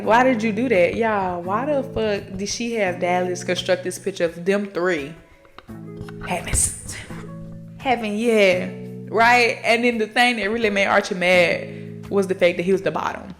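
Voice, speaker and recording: A woman's voice: mid-range voice, unhurried, faint music behind. A woman hosting a book podcast, recapping a story in a casual, slangy, profane way and talking straight to her listeners. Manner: chatty, slangy and profane, addresses listeners directly.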